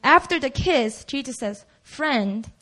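A woman's voice: sits high, big pitch swings, measured pace, a bit bright. A woman preaching a sermon in a casual, conversational way, acting out the quoted lines.

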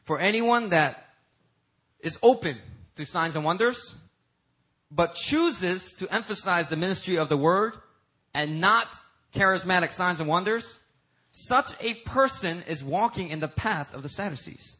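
A man preaching a sermon as pastor, emphatic, rising to high, loud peaks and talking casually to the congregation. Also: lively intonation, a little slow, breathy edge, rough recording. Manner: uses y'all and casual asides to the congregation.

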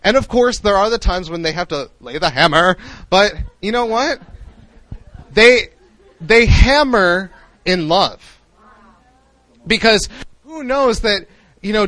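A young man preaching a sermon in an animated way, acting out the voices he quotes. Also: sits high, measured pace, no echo, poor audio.

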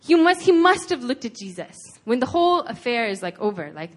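Woman preacher, slightly high voice, casual and earnest, chatty sermon delivery. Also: big pitch swings, brisk. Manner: conversational, earnest, retelling scripture with frequent "like".

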